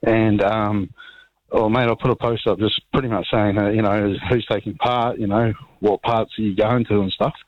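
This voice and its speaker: A man's voice: fairly low pitch, fairly even intonation, normal speed. A man with a New Zealand accent calling into talk radio, casual and rambling with many ums and 'mate's. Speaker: caller. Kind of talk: talkback phone call. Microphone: phone. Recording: dull phone line.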